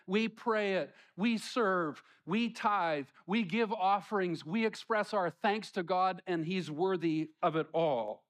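Male pastor, high-ish voice, easy conversational sermon delivery. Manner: conversational preaching with rising emphasis on scripture.

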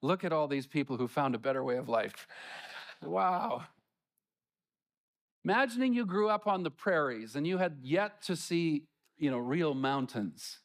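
A man preaching a sermon, reading scripture and explaining it to his congregation in an animated way. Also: a little high, a little slow. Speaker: pastor.

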